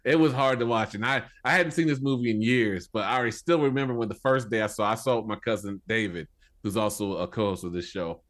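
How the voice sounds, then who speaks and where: A man's voice: fairly low pitch, quick pace, a bit bright. A man co-hosting a film review podcast, talking casually and earnestly in long running sentences. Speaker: podcast co-host.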